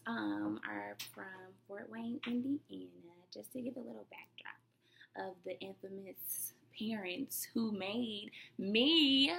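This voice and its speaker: A woman's voice: a little high, vocal fry, a bit bright, slight background noise. A young woman from Illinois telling a personal story in a chatty vlog, with lots of fillers and playful quoted voices. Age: young adult. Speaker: vlogger.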